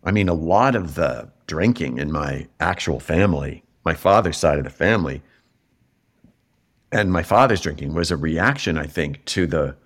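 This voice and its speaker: A middle-aged man talking as an interview guest, telling a personal story in a reflective, animated way, his voice jumping up when he is moved. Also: low-pitched. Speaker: interview guest, television writer.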